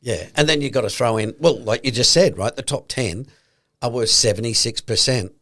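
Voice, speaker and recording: An Australian man co-hosts a casual podcast chat about investing, making his points by acting out made-up conversations. His voice is medium-pitched at a moderate pace, with background noise behind it.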